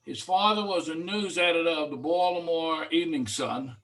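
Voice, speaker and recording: On a video call, a man tells an easygoing story in casual Zoom talk as a meeting participant. His fairly high voice is a bit bright and moves at a moderate pace, picked up by a distant mic.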